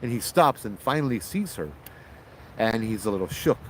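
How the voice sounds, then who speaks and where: A man's voice: lowish voice, expressive, moderate pace, rough recording. A man, telling a ghost story casually. He talks loosely and animatedly, restarting his sentences, over faint background noise.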